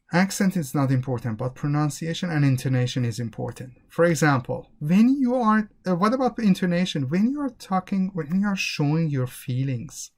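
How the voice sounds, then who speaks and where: A man teaching an exam-prep English lesson online, explaining patiently and demonstrating phrases by repeating them with different intonation, with a Persian accent. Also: on the high side.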